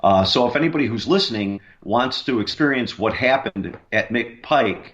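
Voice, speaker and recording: This paranormal investigator tells a long, rambling tale on the radio, stumbling over fillers and restarting often. His medium-pitched voice has lively intonation and a slightly bright quality at a moderate pace, though the audio comes through dull.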